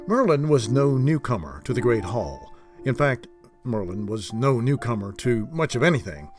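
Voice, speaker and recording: A man narrating a fantasy audiobook chapter in an expressive storytelling way. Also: medium pitch.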